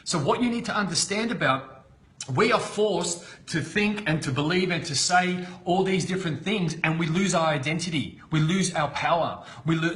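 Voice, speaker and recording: Brief: man, raised-pitch voice, fired-up live-stream motivator, blunt and foul-mouthed. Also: moderate pace. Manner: blunt, swears constantly, excitable. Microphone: computer webcam.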